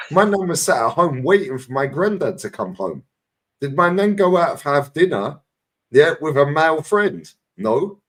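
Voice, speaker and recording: Blunt, swearing London man. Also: on the high side. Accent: London English. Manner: blunt, swearing, storytelling with acted quotes. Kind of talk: casual chat.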